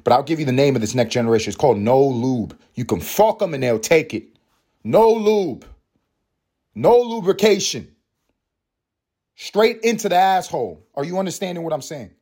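Solo podcast host, male, husky, sarcastic, foul-mouthed, pitch jumping all over. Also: animated, moderate pace. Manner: profane, sarcastic and swinging between loud jabs and low mutters. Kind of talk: solo comedic podcast rant. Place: at home.

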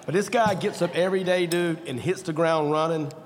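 A man's voice: a little high, brisk. A man guest on a podcast, talking earnestly and often saying dude and you know. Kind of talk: casual chat. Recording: long room reverb.

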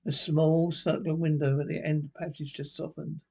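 Sex: man. Role: narrator. Style: ghost story read aloud. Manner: halting, restarts misread words. Pitch: a little high. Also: level tone, vocal fry, mellow, breathy edge.

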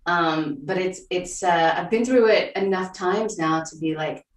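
Woman TV writer, interview guest, lower voice, reflective, slightly distant mic in an echoey room. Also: a little slow. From Vietnam, raised in Texas. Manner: thoughtful, many restarts and fillers. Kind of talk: conversational interview. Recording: roomy, a little off-mic.

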